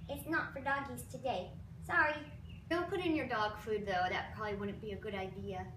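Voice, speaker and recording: Brief: playful woman host of a home cooking demo, high voice, mic far off in a roomy kitchen. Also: steady tone, a little fast. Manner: chatty, playful, self-deprecating. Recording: roomy, distant, noisy kitchen recording.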